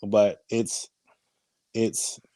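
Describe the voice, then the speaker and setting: Low, mellow-voiced man chatting casually. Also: drawn-out words, no echo, low-quality recording. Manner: animated, hesitant restarts, slangy ("dude"). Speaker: podcast co-host. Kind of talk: casual chat.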